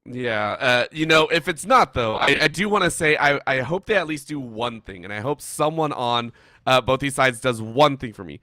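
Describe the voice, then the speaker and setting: An animated man co-casting live esports, his voice bright and tense. The headset sound is dry and close, with no room around it. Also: medium pitch, normal speed, no echo. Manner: animated, pleading jokes, chuckles. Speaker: esports caster.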